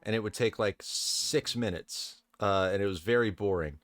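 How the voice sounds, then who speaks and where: Low-voiced man in relaxed game commentary. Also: normal speed. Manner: casual, chatty, swears, talks to game characters. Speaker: let's play host.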